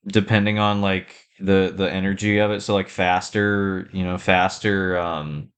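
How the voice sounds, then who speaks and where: A man's voice: sits low, little pitch movement, a bit bright, clear, resonant tone. A young man giving rambling, casual feedback on a band performance, breaking off to sing short phrases to show them. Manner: halting, full of fillers, sings phrases to show them. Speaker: band director reacting to a performance.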